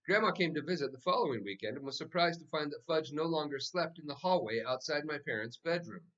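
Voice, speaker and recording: A man reading a children's novel aloud as the narrator, with lively, expressive storytelling. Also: on the high side, brisk, lo-fi sound. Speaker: audiobook narrator. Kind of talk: scripted narration.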